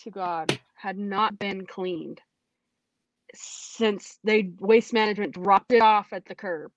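A woman telling her personal testimony in a casual, animated way, acting out what she said back then. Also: mid-range voice, slow pace, no echo, muffled recording. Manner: animated, acts out her own past remarks. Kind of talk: casual storytelling.

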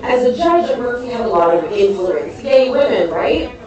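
A woman presenting history comedically, lively and wry. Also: on the high side, normal speed. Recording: echoey room, distant mic, crowd behind.

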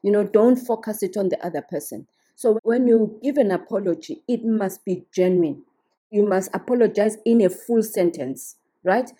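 A woman's voice: mid-range voice, moderate pace, mellow, husky. A woman hosting a podcast, giving earnest advice in a casual monologue and often checking in with the listener. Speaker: podcast host.

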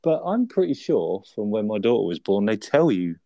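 A man's voice: fairly low pitch, big pitch swings, moderate pace, vocal fry, mellow, dry recording. A young man co-hosting a casual chat about a sitcom episode, laughing often and acting out quoted lines. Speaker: podcast co-host.

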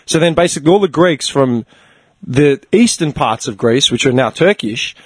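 Animated guy chatting. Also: medium pitch, normal speed, husky, no room sound. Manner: animated, sweary, storytelling. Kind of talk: casual chat.

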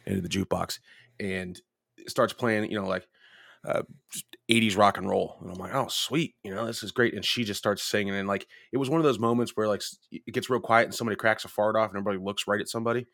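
A low-voiced man spins a long, rambling bar story in casual podcast chat, swearing freely. His voice is close and dry, with no room around it. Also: steady tone, quick pace, vocal fry, a bit bright, no echo. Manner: profane, rambling anecdotes.

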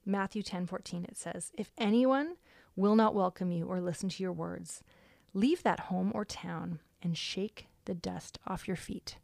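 A woman's voice: lowish voice, measured pace, creaky, a little mellow, no echo. Earnest woman hosting a faith podcast. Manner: earnest and conversational, with frequent ums. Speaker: podcast host. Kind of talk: faith-based devotional podcast talk.

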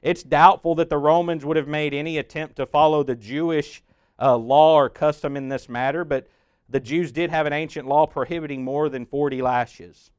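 Male preacher, guided-sermon narration, higher-pitched dry voice, big loud-to-hushed swings. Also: fairly even intonation, normal speed, smooth, no room sound. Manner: addresses the listener as "you", swelling loud then dropping hushed.

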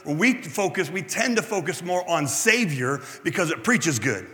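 A man preaching a sermon in a high, bright voice, talking with his congregation more than at them. He checks in with "right?" and drops in playful asides about himself, and his words ring out with a long hall reverb. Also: very animated, normal speed. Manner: conversational, asks the room "right?" often; self-deprecating asides. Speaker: pastor.

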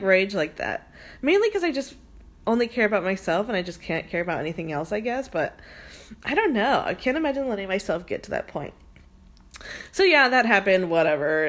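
Casting note: young woman, casual podcast host, rapid filler-heavy chat, swears freely. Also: mid-range voice. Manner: fast, chatty, says "like" a lot, swears freely.

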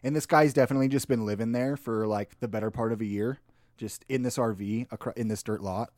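A man's voice: mid-range voice, steady tone, a little mellow, dry recording, clean studio sound. A man co-hosting a podcast, teasing and swearing in casual chat. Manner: fast, profane, teasing. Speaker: podcast co-host.

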